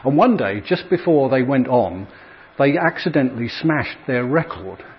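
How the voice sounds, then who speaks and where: A middle-aged man tells stories from his working life to an audience. He speaks in a chatty, self-deprecating way with plenty of ums and uhs, at an ordinary pitch for a man. The recording sounds slightly dull and lo-fi. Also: expressive, moderate pace. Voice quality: chatty, self-deprecating humour with frequent fillers. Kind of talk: anecdotal talk to an audience.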